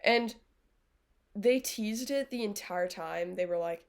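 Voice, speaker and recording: A woman's voice: medium pitch, a little slow. A young adult woman live-streaming, chatting casually with viewers in a blunt, sarcastic way, swearing freely. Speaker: livestreamer.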